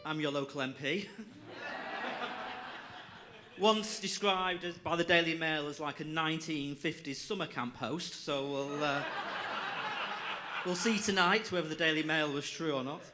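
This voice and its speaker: A man's voice: fairly high pitch, unhurried, pauses often, loud music behind the voice. A man, a politician doing self-mocking stand-up and laughing through his own jokes.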